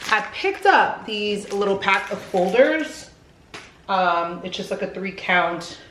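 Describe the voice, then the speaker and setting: A woman's voice: lowish voice, fairly bright tone, slight background noise, low-quality recording. Chatty pregnant woman vlogging from her car. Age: 30s. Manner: chatty, candid, slangy, addresses viewers as y'all. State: heavily pregnant. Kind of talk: chatty vlog talk. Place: parked car and at home. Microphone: handheld camera.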